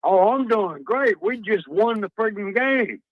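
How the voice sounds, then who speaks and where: Slow Southern man on a tinny phone line. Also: high-pitched, expressive, no room sound. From Kentucky. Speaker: caller.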